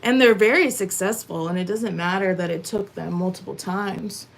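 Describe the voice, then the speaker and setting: A young woman from Massachusetts chats casually with viewers while doing chores at home, rambling and dropping in plenty of "like" and "um." Her gravelly voice sits mid-range and moves at a normal speed, and she sounds a bit out of breath.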